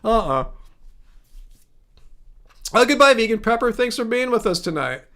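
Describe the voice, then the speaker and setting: High-voiced man chatting on a livestream. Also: big pitch swings, moderate pace, a bit bright. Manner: rambling, chatty, frequent fillers and self-corrections. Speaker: livestream host. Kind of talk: casual livestream chat reading viewer comments.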